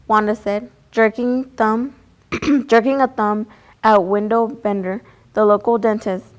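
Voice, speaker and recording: A woman's voice: medium pitch, fairly even intonation, a little slow. A woman reading a children's picture book aloud in a plain way, with small slips and restarts. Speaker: storybook reader.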